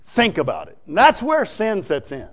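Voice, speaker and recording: A man preaching a sermon in an emphatic, folksy way, swinging between loud stresses and hushed asides. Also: sits high, wildly swooping pitch, normal speed.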